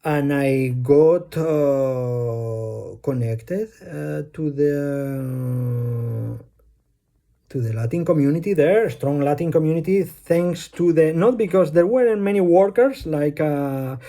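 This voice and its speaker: A man with a Spanish accent, a native Spanish speaker talking English, rambling through a personal vlog monologue with many pauses and fillers. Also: a little high, creaky, warm tone. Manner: hesitant, many fillers, loses his thread. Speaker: vlogger. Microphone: phone.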